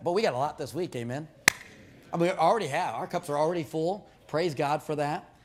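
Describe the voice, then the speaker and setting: A man's voice: a little high, normal speed, long pauses, a little hiss or hum. A man preaching a sermon, telling stories with humor and stumbling over repeated words as he builds his points. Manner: animated storytelling, jokes with the crowd, repeated words.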